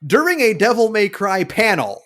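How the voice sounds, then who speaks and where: Man co-host with a slightly higher voice; jokey, rambling gaming chat. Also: very animated, normal speed, fairly bright tone. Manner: joking, rambling asides with restarts. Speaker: podcast co-host.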